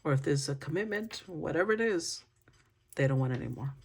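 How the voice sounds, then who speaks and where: A woman's voice: low-pitched, animated, a little fast, creaky, slightly rough. A woman giving an intuitive tarot reading to her viewers, musing and conversational as she thinks aloud. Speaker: tarot reader.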